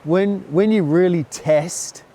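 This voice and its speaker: A man with a mellow, relaxed voice tells a personal story straight to camera. He talks in a chatty, earnest way and keeps calling the listener "mate". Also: high-pitched, takes it slowly, slight background noise. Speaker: vlogger.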